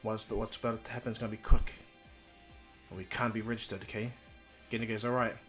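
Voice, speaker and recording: A man's voice: fairly low pitch, little pitch movement, fast, fairly bright tone, soft background music. A man casually narrating an improvised fan story, rambling with restarts and voicing each character's lines as he goes.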